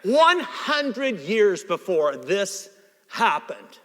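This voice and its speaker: Preacher, male, animated sermon delivery, bright and sharp, recorded in an echoing hall. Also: sits high, drawn-out words. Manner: animated, swings from hushed to shouting. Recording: reverberant hall.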